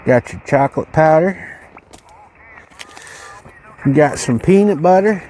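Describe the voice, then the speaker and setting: A man hosting a casual unboxing video, musing aloud in a slow, rambling way as he goes through a ration pack. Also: a little high, animated, darkish tone, slight background noise, rough recording. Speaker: channel host reviewing ration packs.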